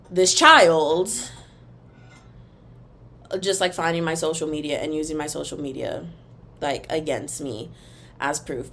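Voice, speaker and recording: A young woman hosting a casual solo podcast, ranting in an animated, emphatic, rambling way, and now and then breaking into a taunting sing-song chant. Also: deep voice. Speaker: podcast host.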